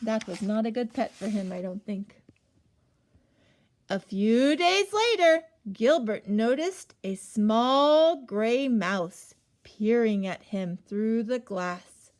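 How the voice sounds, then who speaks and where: A woman's voice: fairly high pitch, lively intonation, slow pace, darkish tone. A young woman reading a picture book aloud to children, asking them questions and gasping as she goes. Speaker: storyteller.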